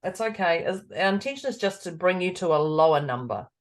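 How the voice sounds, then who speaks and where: A woman with an Australian accent co-hosting a podcast in casual chat, her voice husky and going hoarse, playful and chatty. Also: lowish voice, lively intonation, a little fast. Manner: chatty, laughs often, playful. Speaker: podcast co-host.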